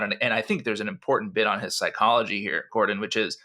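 A man co-hosting a history podcast, telling the story in an animated, conversational way with frequent asides. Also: mid-range voice, quick pace, few pauses. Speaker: podcast co-host.

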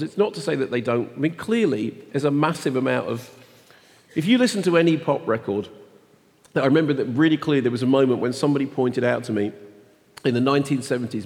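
A man in his sixties co-hosting a podcast, quick, playful and self-mocking in casual chat. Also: medium pitch, darkish tone, in a large hall. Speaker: podcast co-host.

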